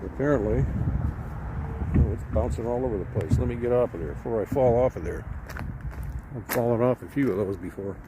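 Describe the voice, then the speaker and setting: A man talks into a handheld camera outdoors, his voice sitting at an ordinary middle pitch. He rambles through a homespun story in a folksy way, full of "you know" and "anyway." Steady traffic and open-air noise run clearly behind him. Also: brisk, pauses often. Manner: rambling, folksy, with frequent fillers. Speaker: widower vlogger. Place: outdoors at a boat launch by a creek.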